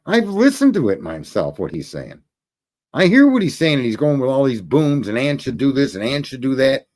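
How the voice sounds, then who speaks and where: A man's voice: medium pitch, sing-song, normal speed, a little mellow. A man hosting a livestream, ranting profanely and scolding his chat commenters in casual commentary. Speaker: livestream host.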